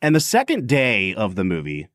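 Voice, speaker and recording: A man's voice: lowish voice, wildly swooping pitch, moderate pace, a bit bright, no room sound, clean studio sound. A man co-hosting a podcast, chatting casually and animatedly about a film, with lots of filler "like". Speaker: podcast co-host. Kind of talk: casual movie discussion.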